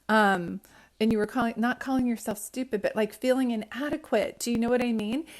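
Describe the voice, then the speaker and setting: A woman speaks casually into her phone on a live stream, giving psychic readings to viewers. Her voice sits a little high, and her talk is affectionate and rambling, with many restarts and pet names like sweetie pie and sunshine. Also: fairly even intonation, fairly quick, darkish tone.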